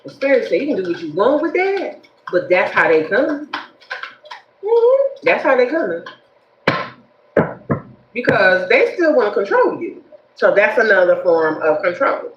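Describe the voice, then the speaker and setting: A woman giving a livestreamed tarot reading, speaking straight to her viewers in a lively, preachy way. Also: mid-range voice, unhurried, pauses often, reverberant, highs cut off, background noise. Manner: animated, preachy, addresses viewers directly. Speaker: tarot reader.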